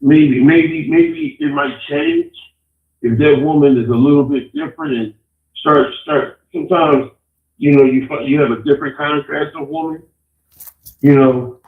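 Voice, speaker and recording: A man's voice: a little high, lively intonation, normal speed, gravelly, echoey room, phone-quality sound. Laid-back Chicago male caller. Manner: laid-back, blunt, swears casually. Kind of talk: casual phone-in chat.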